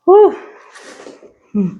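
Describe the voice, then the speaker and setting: An out-of-breath fitness vlogger chatting casually between sets in a gym, with breathy sighs and quick laughs. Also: phone-quality sound.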